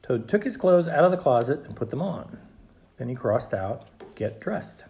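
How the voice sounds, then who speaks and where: A reader narrating a children's storybook aloud, clear and expressive. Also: mid-range voice, normal speed.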